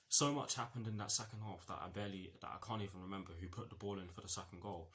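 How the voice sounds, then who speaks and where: Deep-voiced man rambling a match review. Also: quick pace, few pauses, a bit bright, slight background noise. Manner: rambling with many fillers and restarts. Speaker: football fan reviewer.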